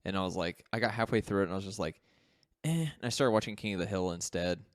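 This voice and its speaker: A man co-hosting a podcast in casual chat, laughing often, swearing freely and acting out quoted lines with sudden jumps up in pitch. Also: fast talker, dry recording, studio quality. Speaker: podcast co-host.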